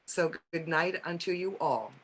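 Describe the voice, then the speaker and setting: A woman reading the part of Puck, a mischievous fairy, in a Shakespeare reading over a video call, with slow, measured verse. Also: fairly low pitch. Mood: playful.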